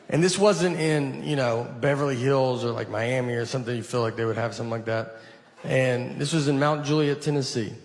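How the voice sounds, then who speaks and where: A middle-aged man doing a deadpan, self-deprecating stand-up routine on a theater stage. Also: medium pitch, fairly quick, slight background noise. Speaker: stand-up comedian. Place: theater stage before a laughing audience. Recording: live show with audible crowd.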